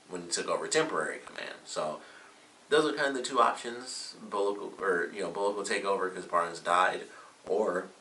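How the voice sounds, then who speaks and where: A man's voice: low-pitched, pushed and bright, a little hiss or hum. A man giving a casual, rambling review of a TV episode, with lots of fillers and self-corrections. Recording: roomy echo, mic at a distance.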